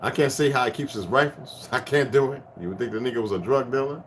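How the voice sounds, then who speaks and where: A man in his fifties giving a rambling spiritual rant to his viewers, profane and preachy, swinging from loud bursts down to hushed tones. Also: medium pitch, fast talker, slight background noise. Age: 50s. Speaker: vlogger.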